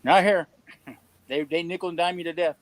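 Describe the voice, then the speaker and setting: A man's voice: a little high, steady tone, brisk, poor audio. A man from California chatting as a guest on a video call, telling stories in an easygoing, repetitive way. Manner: storytelling, easygoing, repeats words. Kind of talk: casual chat.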